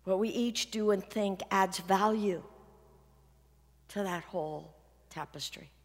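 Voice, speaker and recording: A woman's voice: medium pitch, slow pace. Woman preaching in an echoing hall. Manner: earnest storytelling, quotes others, drops to near-whisper at emotional points. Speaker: minister. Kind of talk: sermon. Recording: long hall reverb.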